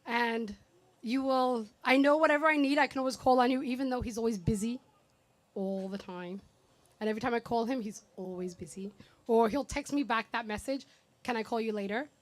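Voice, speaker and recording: Woman, 30s, sister's birthday toast, chatty and affectionate, slightly high, dry. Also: brisk, dry recording. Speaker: younger sister giving a birthday speech. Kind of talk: heartfelt party speech. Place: party venue.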